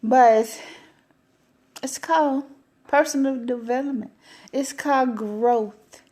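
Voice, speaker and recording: Woman live-streamer, animated, laughing, voice a bit high and swooping. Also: slow. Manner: animated, voice swinging up and down, laughing often. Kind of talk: casual live stream talk.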